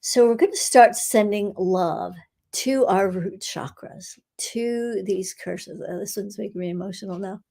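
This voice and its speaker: A woman leads a guided energy-clearing meditation at a slow, unhurried pace. She laughs softly and often, and sometimes drops to a near whisper. Her voice sits at an ordinary middle pitch. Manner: unhurried, giggly, frequent soft laughs. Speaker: energy healer hosting a live session.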